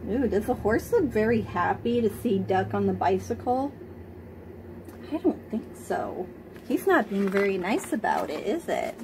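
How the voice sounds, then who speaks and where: Slow, gentle woman reading to children. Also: mid-range voice, animated, gravelly, noisy background. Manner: gentle, asks the child questions. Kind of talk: reading a picture book to young children.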